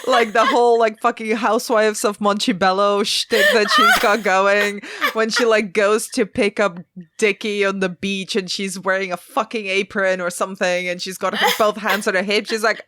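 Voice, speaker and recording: A woman's voice: mid-range voice, moderate pace, fairly bright tone, dry recording, studio quality. A woman guest on a podcast, ranting in casual chat, swearing freely and laughing. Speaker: podcast guest, actor and writer.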